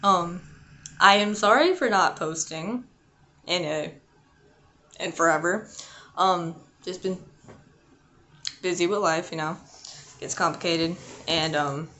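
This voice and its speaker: A woman's voice: fairly low pitch, slow pace, pauses often, bright, forceful tone, a little hiss or hum. Chatty young woman telling a story. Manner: chatty, rambling, with frequent "like" and "um". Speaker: vlogger. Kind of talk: casual storytime. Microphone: not her usual mic.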